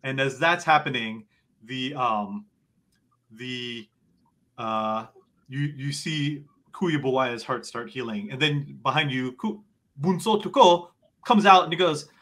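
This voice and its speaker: A man narrating as game master of a tabletop game, loose and animated with many fillers. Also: medium pitch, takes it slowly.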